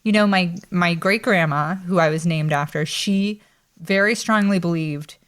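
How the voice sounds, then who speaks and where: A woman's voice: fairly low pitch, normal speed, clear, resonant tone. A woman hosting a podcast, chatting casually with a friend and laughing often as she tells stories. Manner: warm, laughing, chatty storyteller. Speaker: podcast host.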